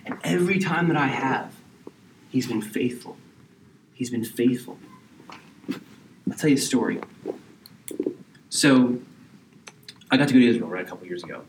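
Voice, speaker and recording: A man preaching a sermon in a church, talking in a conversational way that sometimes drops to a hushed near-whisper. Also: mid-range voice, animated, moderate pace, pauses often, echoey room. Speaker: pastor. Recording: distant mic with faint background hiss.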